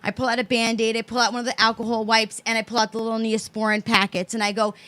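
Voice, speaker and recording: A woman tells a story on a casual podcast. Her voice sits high and bright, and she swears freely. She acts out everyone's voices as she goes. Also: fast talker, hardly any pauses. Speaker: podcast co-host.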